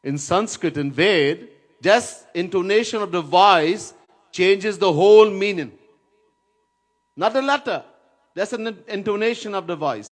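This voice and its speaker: A man gives a devotional lecture in a fairly high voice, taking his time over every phrase. He tells stories, chants verses now and then, and drives points home by repeating key words. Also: lively intonation, measured pace. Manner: storytelling, chants Sanskrit verses, stresses words by repetition. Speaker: swami giving a spiritual lecture. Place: Trinidad.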